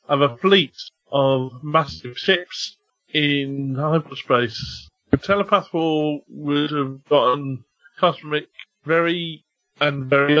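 Man from the UK, slow, hesitant, bright voice, dry muffled call audio. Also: on the high side, dry recording. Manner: hesitant, many ums, apologetic self-corrections. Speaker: podcast co-host reading listener emails. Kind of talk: casual chat.

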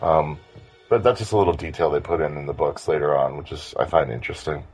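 A man's voice: a bass voice, fast talker, darkish tone, faint music behind. A man in a casual fan discussion, talking with enthusiasm and rambling through many restarts.

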